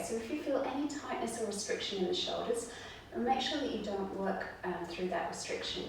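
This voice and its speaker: A woman leads a chair yoga class, calmly cueing each breath and stretch in a gentle, unhurried voice. She sounds distant from the mic, her words ringing in a very reverberant room. Her pitch sits in an ordinary middle range. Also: slight background noise. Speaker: yoga instructor. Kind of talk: guided chair yoga instruction. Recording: very echoey room, mic far off.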